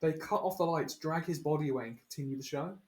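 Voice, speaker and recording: A man's voice: a little high, fast talker, a little mellow. A young man on a podcast telling stories in casual chat, swearing a lot and laughing as he talks. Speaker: podcast co-host. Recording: echoey room.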